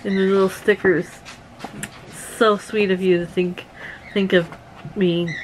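A woman's voice: mid-range voice, flat delivery, measured pace, a little hiss or hum, rough recording. A middle-aged woman from Canada hosting a casual vlog, giggling often and talking to her viewers like friends. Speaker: vlog host.

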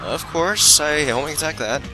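A let's play commentator with a slightly high voice speaks at normal speed, excitedly talking to himself and ribbing himself for his mistakes during live play. Music runs under him, and the recording is rough.

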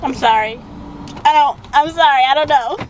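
A woman's voice: high-pitched, normal speed, background noise. A young woman vlogging casually, chatting to her viewers and baby-talking to her new puppy in a car. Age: young adult. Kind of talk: casual vlog chat.

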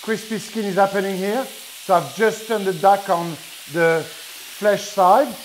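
A man's voice: high voice, fairly even intonation, unhurried, a little hiss or hum, poor audio. A middle-aged man with a French accent, a chef giving a chatty live cooking demo and explaining step by step with many restarts. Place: kitchen with food sizzling. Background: frying sizzle.

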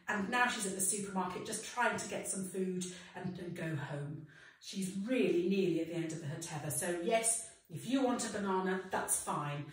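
A woman leading a children's singing session, explaining in a lively way between sung lines. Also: fairly low pitch, distant mic. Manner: expressive, alternating spoken instructions with sung lines. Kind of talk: leading a children's sing-along. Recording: echoey room, voice slightly off-mic.

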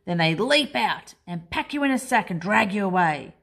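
A woman's voice: mid-range voice, lively intonation, normal speed, gravelly, fairly bright tone. A woman voicing an older male monster sibling who croons and growls to tease his little brother. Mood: teasing.

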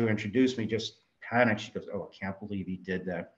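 A man's voice: on the low side, fairly quick. Lo-fi older man from New York telling stories. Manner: animated anecdotes, acts out quoted voices. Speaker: guest filmmaker. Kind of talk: storytelling interview answers. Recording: dull lo-fi audio.

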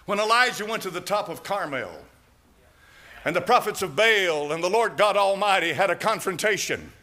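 Man, pastor, fiery sermon, higher voice, dramatic swings. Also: moderate pace. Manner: fiery preaching, swings from loud cries to low asides; chuckles and mocking asides.

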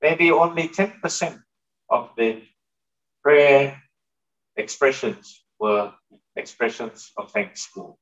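A man's voice: medium pitch, animated, slow, pauses often, fairly bright tone, highs cut off. A male pastor giving a sermon in a conversational way, turning to the congregation with asides and questions. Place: church hall.

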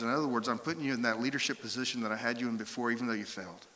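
A man preaching a sermon as a pastor, telling stories and acting out quoted voices with lively shifts. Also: medium pitch, rapid-fire, hardly any pauses, long reverb tail. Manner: animated storytelling, acts out voices and quotes. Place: church sanctuary.

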